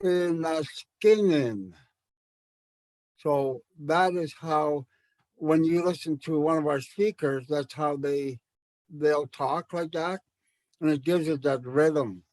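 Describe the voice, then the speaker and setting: A man's voice: a little high, fairly even intonation, takes it slowly, darkish tone, dry recording. A man teaching a language class to educators, speaking thoughtfully with many fillers and restarts. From Canada.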